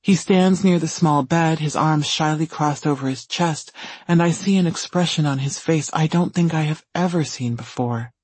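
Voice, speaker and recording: A man reading a first-person story in calm, even scripted narration. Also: fairly high pitch, moderate pace, breathy edge, dry recording. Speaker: audiobook reader.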